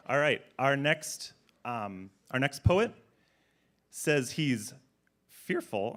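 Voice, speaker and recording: Man emceeing a school poetry slam, joking and playful, pitch jumping all over, mid-range voice. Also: very animated, very slow, long pauses, fairly bright tone, a little hiss or hum. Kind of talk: emceeing a live event. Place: school event hall.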